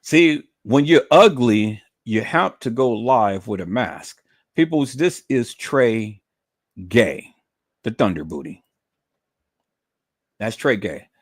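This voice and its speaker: A man's voice: medium pitch, slightly rough, no room sound, clean studio sound. A man ranting on a livestream, profane, mocking and repetitive. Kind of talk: livestream rant.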